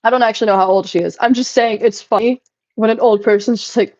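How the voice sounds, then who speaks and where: A young woman livestreaming, telling stories in casual chat and jumping into high-pitched voices when she quotes people. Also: steady tone, fast talker, darkish tone, dry recording, dull audio. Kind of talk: casual live-stream chat. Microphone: phone.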